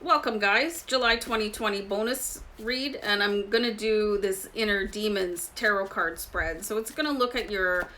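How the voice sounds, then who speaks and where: A woman with a bright, clear voice talks her viewers through a tarot reading in a relaxed, chatty way. She confides as she goes and calls the audience "guys" like old friends. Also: medium pitch, moderate pace, few pauses, low-quality recording. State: slight throat irritation. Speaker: tarot reader. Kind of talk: casual tarot reading to camera.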